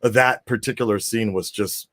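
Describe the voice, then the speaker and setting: A man's voice: lowish voice, steady tone, normal speed, fairly bright tone. A man hosting a call-in discussion, talking casually, rambling and swearing with laughing asides. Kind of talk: casual chat.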